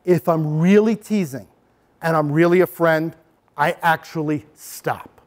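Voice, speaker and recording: A middle-aged man presenting an anti-bullying workshop to parents, animated and acting out scenes. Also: on the high side, unhurried. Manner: animated, acts out scenes for the audience.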